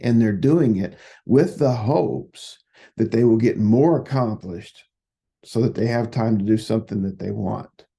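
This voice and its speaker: A man's voice: on the low side, a little slow, vocal fry, mellow, breathy edge. A man who works as a psychotherapist, giving folksy, casual advice and telling stories. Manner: folksy, repetitive, storytelling.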